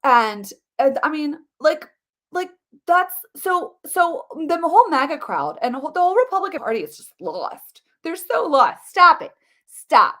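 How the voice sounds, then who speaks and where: A woman talking fast and emphatically in a live-streamed political commentary, repeating herself, with many "like" fillers. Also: high voice, big pitch swings, fairly bright tone.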